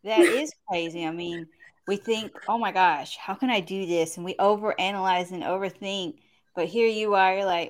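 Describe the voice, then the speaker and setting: A woman's voice: fairly low pitch, moderate pace. A woman hosting a podcast, responding in an encouraging, conversational way and asking her guest questions. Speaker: podcast host. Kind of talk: casual interview chat.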